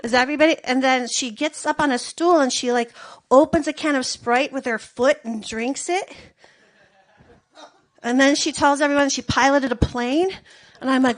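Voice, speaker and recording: A woman in her thirties telling a rambling, profane personal story in a casual, animated way. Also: sits high, normal speed, poor audio.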